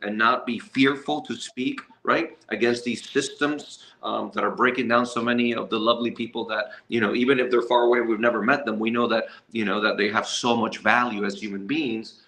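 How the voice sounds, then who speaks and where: A man's voice: medium pitch, steady tone, a little fast, few pauses, pushed and bright. Earnest man in an echoey hall. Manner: earnest, reflective, thinks aloud with restarts. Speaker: nonprofit leader, panelist. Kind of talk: panel discussion answer.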